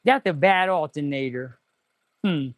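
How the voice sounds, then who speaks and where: A man doing a slow, drawling ladies' man. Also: fairly high pitch, dry recording, studio quality. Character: smooth-talking ladies' man character, adult male.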